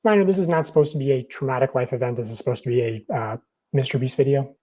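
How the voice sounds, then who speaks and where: A man narrating a video in voice-over, reading text messages aloud in a steady, matter-of-fact way. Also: medium pitch, very fast, low-quality recording.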